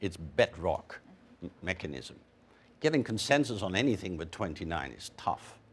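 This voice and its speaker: A man speaking as a panelist, measured and hesitant with frequent fillers. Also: low-pitched, sing-song, slightly rough. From Canada. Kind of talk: panel discussion answer.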